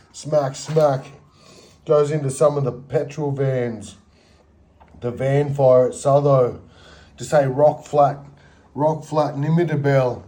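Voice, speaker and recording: A man's voice: mid-range voice, warm tone. A middle-aged man narrating footage in a rambling, slangy commentary full of sound effects. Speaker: video narrator. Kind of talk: rambling commentary over game or drawing footage.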